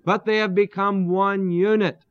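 A man teaching through a Bible passage verse by verse, pausing to explain terms and asking his listeners rhetorical questions. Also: high voice, little pitch movement, a bit bright, clear, resonant tone, no room sound. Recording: dull, lo-fi dry recording.

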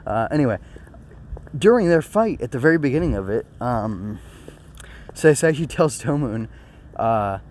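A man's voice: mid-range voice, very animated, moderate pace, pauses often, darkish tone, slight background noise. A young man with a sore throat giving a casual spoken review of an anime episode, rambling earnestly with many fillers and restarts. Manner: earnest and emotional.

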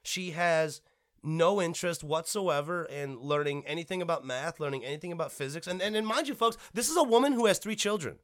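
A man's voice: a little high, brisk, a bit bright. A young man ranting bluntly and profanely in a podcast monologue, rambling and restarting his sentences.

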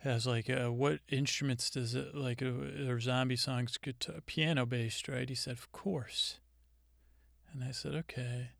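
A man hosting a comedy podcast, retelling a conversation in a rambling, deadpan way with many halting restarts. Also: medium pitch, vocal fry, no room sound, clean studio sound.

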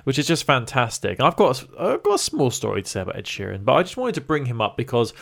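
A young man chatting on a podcast. He rambles and jokes freely, and his pitch swings widely as he talks. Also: quick pace, vocal fry. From United Kingdom. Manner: animated, jokey, rambling. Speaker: podcast co-host. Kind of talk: casual chat.

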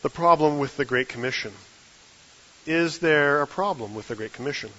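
A man preaching a sermon from the pulpit, with a measured delivery and emphatic stresses on key phrases. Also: on the high side, a bit bright, lo-fi sound. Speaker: guest preacher.

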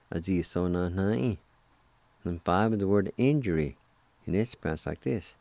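A man hosting a radio language lesson, spelling out words slowly and deliberately and gently encouraging listeners to practice. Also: low-pitched, lively intonation, dry recording. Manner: slow, deliberate, spells out syllables. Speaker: language radio show host.

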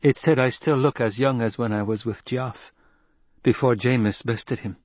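A man voicing a proud, anxious young desert widow in a storybook reading, pitched above his own voice. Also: fairly even intonation, normal speed, darkish tone, no echo, natural voice. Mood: pleading.

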